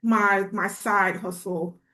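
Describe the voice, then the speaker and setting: A woman's voice: medium pitch, fairly even intonation, slow, sharp tone, rough recording. A woman real estate agent telling her family story as a guest in a casual interview, chatty and laughing often. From United States.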